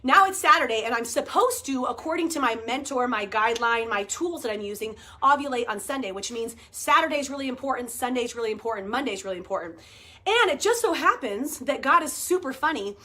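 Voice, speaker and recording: A woman in her forties chatting to her viewers, telling a story in an animated way, laughing and swearing casually. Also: fairly high pitch, fairly quick. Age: 40s. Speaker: vlogger. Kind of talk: casual chat to camera.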